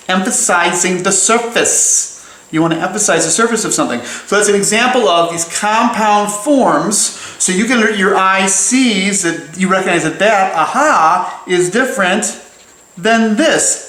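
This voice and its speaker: Man, a bit high-pitched, teaching drawing in a loose, jokey way; echoey room. Good for a friendly tutorial read. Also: bright, forceful tone. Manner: playful, chatty, jokey asides. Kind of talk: casual drawing lesson while sketching.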